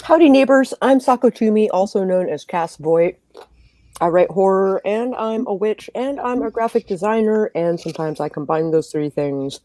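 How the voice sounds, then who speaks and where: A woman's voice: mid-range voice, moderate pace, dark tone. A woman guest author chatting casually on a livestream over a video call, friendly and upbeat. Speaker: guest author and graphic designer.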